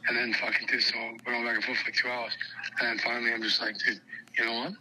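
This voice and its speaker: A man's voice: medium pitch, monotone, rapid-fire, pushed and bright, a little hiss or hum, low-quality recording. A man on a call, telling a heated story in a rambling, profane, agitated way. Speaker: caller telling his story. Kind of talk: heated phone chat.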